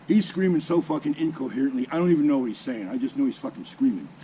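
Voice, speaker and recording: A man's voice: mid-range voice, fast talker, slight background noise, low-quality recording. A man in his sixties telling a salty personal story in a casual, heavily profane way. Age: 60s. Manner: heavily profane, salty, animated with mimicked sounds.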